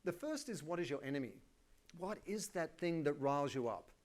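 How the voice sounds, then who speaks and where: A middle-aged Australian man giving a live conference keynote, energetic and colloquial, with self-deprecating asides. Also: fairly high pitch, fairly quick. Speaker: keynote speaker.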